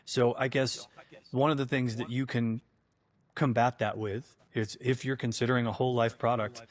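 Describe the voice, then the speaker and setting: Measured co-host, male, mid-pitched, dry wit. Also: flat delivery. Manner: measured, reasoning aloud, dryly sarcastic. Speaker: life insurance agent, co-host. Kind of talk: casual podcast conversation.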